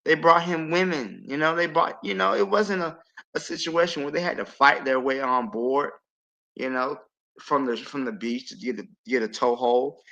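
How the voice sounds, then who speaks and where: A man speaks on a livestream podcast panel with a gravelly, forceful edge. He works through his point patiently and earnestly, with a lecturing tone. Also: medium pitch, moderate pace, muffled recording. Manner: earnest, lecturing, building arguments with asides. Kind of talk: casual podcast discussion.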